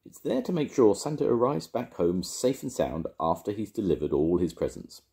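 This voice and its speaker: A man's voice: on the low side, lively intonation, moderate pace, gravelly, dark tone, pitched above the performer's own voice. A grandfather voicing a cheerful, bumbling middle-aged father who hesitates with fillers. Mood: trying cheerful.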